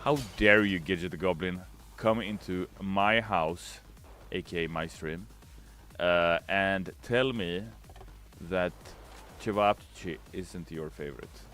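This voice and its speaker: A man hosting a casual livestream, with a low voice and a bright, forceful delivery. He reads viewer messages out loud, playful and chatty, and adds quick joking asides. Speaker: game community streamer.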